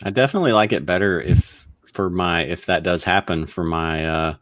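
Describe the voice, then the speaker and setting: A man co-hosting a fantasy football podcast, talking hesitantly with many pauses and restarts. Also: low voice, a bit bright, no room sound, studio quality. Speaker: podcast co-host. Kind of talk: casual sports chat.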